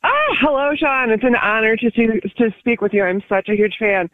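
A woman's voice: a little high, expressive, normal speed, dry recording. A woman calling in to a radio show, gushing and exasperated. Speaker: caller. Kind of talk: phone call to radio show. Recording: tinny phone line.

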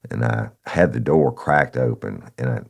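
A man's voice: rumbling low, moderate pace, creaky, darkish tone. A middle-aged man, telling a true crime story in a folksy, profane, casual way. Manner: folksy and profane, addresses listeners as y'all. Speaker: podcast storyteller, former narcotics officer. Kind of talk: casual first-person storytelling.

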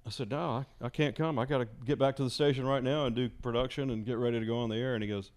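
A man, a former radio DJ, telling a story in casual chat, animated and laughing often, imitating voices. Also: mid-range voice, quick pace.

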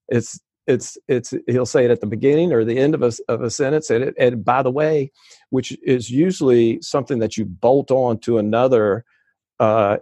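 A man talks casually as a podcast guest, wandering through his points with fillers, restarts and easy laughter. His voice sits in a middle pitch. The recording is dry and close, with no room sound. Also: dark tone, no room sound. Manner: rambling, many restarts and fillers, quick to laugh. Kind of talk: casual conversation.

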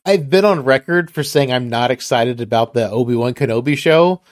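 A man hosting a podcast in casual chat, rambling and halting and chuckling often. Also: medium pitch, no echo, clean studio sound. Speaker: podcast host.

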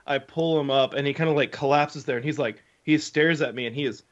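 A young man tells a long camp story on a podcast, loose and animated, full of "like" and "kind of." His voice sits in an ordinary middle register. The recording sounds a little dull and lo-fi. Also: mid-range voice, brisk. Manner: animated storyteller, many fillers and acted quotes. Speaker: podcast co-host. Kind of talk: casual storytelling chat.

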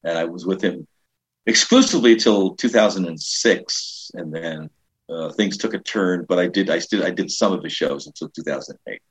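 An older man with a New York accent, a comedian telling lively show-business stories in an interview, acting out the voices of people he quotes. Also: deep voice, moderate pace, breathy edge, low-quality recording. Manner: animated, acts out quoted voices, frequent restarts. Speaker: comedian and guest. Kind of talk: casual anecdotal storytelling.

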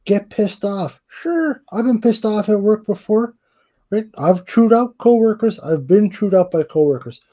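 A man's voice: high-pitched, animated, a little slow, dark tone. A middle-aged man co-hosting a casual wrestling podcast, blunt and emphatic, swearing freely. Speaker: podcast co-host.

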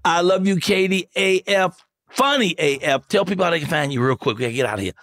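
A man's voice: high voice, expressive, fast talker, fairly bright tone, no room sound, studio quality. A man hosting a comedy talk show, riffing loosely and profanely, telling jokes to his guests. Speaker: podcast host and comedian. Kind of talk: casual comedic chat.

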